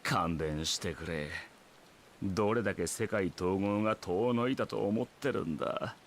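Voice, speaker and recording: A man's voice: lowish voice, fairly quick, lightly acted. A man voicing a weary, sardonic game villain. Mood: exasperated. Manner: sighing, exasperated, lazily sardonic. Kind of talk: Japanese game voice acting. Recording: game audio with music behind.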